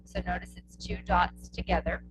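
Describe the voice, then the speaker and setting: A woman's voice: fairly low pitch, steady tone, background noise. A woman teaching a test prep lesson on punctuation, patient and repetitive, often checking in with "okay?". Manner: slow, patient, repeats points with checking "okay?". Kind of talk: classroom lesson explaining punctuation.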